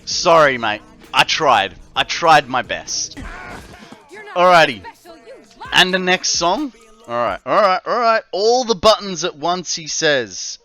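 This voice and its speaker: A man's voice: a little high, very animated, slow pace, sharp tone, faint music behind. An Australian man chatting casually to viewers on a live game stream, jokey and rambling with many fillers.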